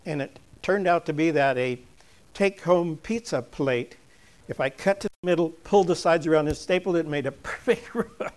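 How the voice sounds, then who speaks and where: An older man, his voice a little high, gives a congregation a chatty object lesson built on storytelling. He laughs softly and often, and when he gets earnest his delivery turns soft and slow.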